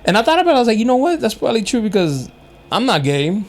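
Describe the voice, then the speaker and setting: A man's voice: high voice, very animated, fast talker. A young man hosting a casual podcast chat, telling stories animatedly, acting out quoted voices and laughing often. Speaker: podcast host.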